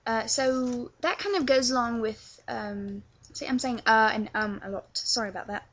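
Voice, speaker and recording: A young woman speaks in London English, her voice on the high side and fairly bright, at a normal speed, though the audio is dull. As a vlogger teaching accents, she runs a casual, chatty tutorial heavy on filler words.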